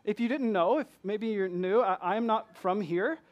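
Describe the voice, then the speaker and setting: A man's voice: high-pitched, moderate pace, dull audio. A man from Michigan with a Southern accent, preaching a passionate sermon in a church and asking the congregation many rhetorical questions. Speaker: pastor.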